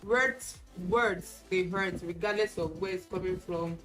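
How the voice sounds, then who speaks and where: A woman's voice: fairly low pitch, steady tone, moderate pace, low-quality recording. A woman talking casually while getting ready on camera, telling candid personal stories and acting out what people said to her. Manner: chatty, candid storytelling; acts out quoted exchanges. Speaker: beauty vlogger. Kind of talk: casual get-ready-with-me chat. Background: music playing.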